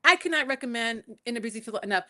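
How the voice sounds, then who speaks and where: A woman's voice: on the high side, lively intonation, racing, bright, forceful tone. A woman poet and scholar answering interview questions in a conversational way, telling stories and acting out the voices she quotes. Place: home in Puerto Rico.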